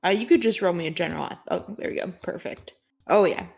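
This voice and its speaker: A woman narrating as the game master of a tabletop game in slow, drawn-out casual narration. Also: on the low side, creaky, a little mellow.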